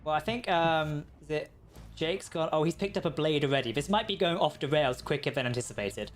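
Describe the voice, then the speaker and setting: A man's voice: on the high side, fairly quick, faint music behind. A man hosting a livestream of a video game, chatting casually and laughing often. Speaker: community manager hosting a livestream.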